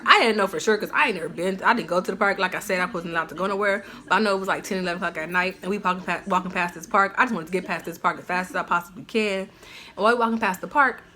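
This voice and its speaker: A woman telling a personal story in a casual storytime vlog, animated and slangy, with lots of "like" fillers. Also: fairly low pitch.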